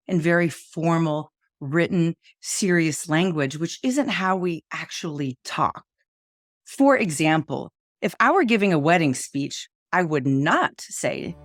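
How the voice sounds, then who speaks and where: A middle-aged woman, a communication coach, gives presentation tips in an expressive way and shows pauses and emphasis as she talks. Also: fairly low pitch, no echo, studio quality.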